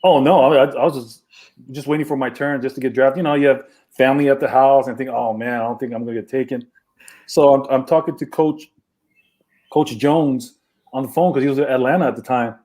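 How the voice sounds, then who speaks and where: A man from Hawaii, a former football player, recalling his career in a relaxed interview chat with lots of fillers. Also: medium pitch, brisk. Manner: relaxed, many fillers, acts out phone calls.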